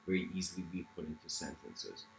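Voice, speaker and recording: A man's voice: low-pitched, sing-song, fast, gravelly, roomy sound, slight background noise, rough recording. A man giving a reflective livestreamed lecture. He meanders, restarts often and says "you know" a lot.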